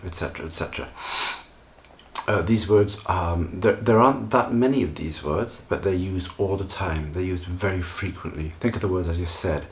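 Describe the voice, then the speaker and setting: A man, explaining pronunciation in a calm, reassuring solo video lesson. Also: low voice, moderate pace, slight background noise. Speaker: English pronunciation teacher.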